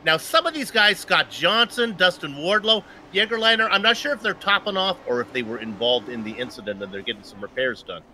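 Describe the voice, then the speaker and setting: A man with a bright, tense, fairly high voice co-hosts a sim race broadcast. He is upbeat and jokey as he runs through numbers and driver names. A faint hum sits under the audio. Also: sing-song, a little fast, hardly any pauses. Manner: upbeat, joking, reads race stats. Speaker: race commentator. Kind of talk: sim racing commentary.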